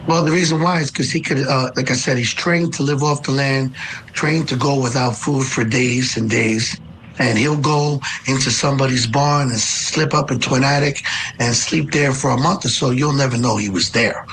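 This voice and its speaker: A man speaks as a panel guest, explaining things in a plainspoken, direct way. His pitch is ordinary. Faint noise sits behind his voice. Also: steady tone, normal speed, fairly bright tone, poor audio. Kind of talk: casual explanation.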